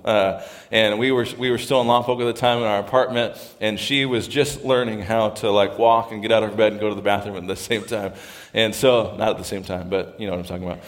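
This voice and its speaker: Man preaching a conversational sermon in a reverberant hall. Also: medium pitch. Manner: conversational, tries out voices when reading lines aloud. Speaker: pastor. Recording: long reverb of a large hall.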